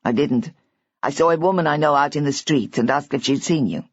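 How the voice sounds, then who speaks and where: A woman doing a gruff, scolding young man. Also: sits low, fairly quick, no echo, pitched below the performer's own voice. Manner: gruff, scolding, then sheepish. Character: agitated young man, a wedding usher, gruff. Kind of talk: audiobook character voice. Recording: dull, dry audiobook recording.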